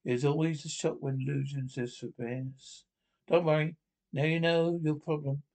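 A breezy ship's doctor who talks like an amateur psychologist, played by a man. His voice sits a little high with a gravelly rasp. He lectures in the brisk style of a 1960s film comedy. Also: steady tone, darkish tone, lightly acted. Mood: reassuring.

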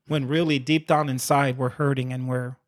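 A man's voice: medium pitch, normal speed. A man sharing his faith testimony in an earnest, conversational way, acting out his prayers and the replies he heard. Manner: animated storyteller who acts out his prayers and God's replies.

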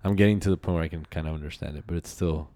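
A man co-hosting a podcast in casual chat, laid-back and quick with joking interjections. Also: very deep voice, fairly even intonation, dark tone, dry recording, studio quality. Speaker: podcast co-host.

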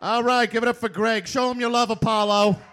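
A man hosting a poetry slam on a live stage, delivering a shouted, sneering rant. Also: very high voice, steady tone, a little fast, slight background noise. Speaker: guest host of poetry slam. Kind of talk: ranting stage poetry and emceeing.

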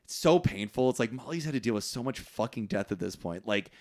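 Man, podcast co-host, casual recap, lively swooping pitch, acts out character lines. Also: brisk. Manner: animated retelling, acting out characters' lines, swears casually. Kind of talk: casual movie recap chat.

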